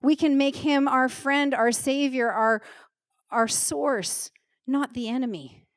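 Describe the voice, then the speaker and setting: A middle-aged woman pastor preaching a sermon in an earnest, emotional way, slowing down to stress key words. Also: high-pitched, no echo, studio quality. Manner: earnest, emotional, slows down for emphasis. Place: church stage.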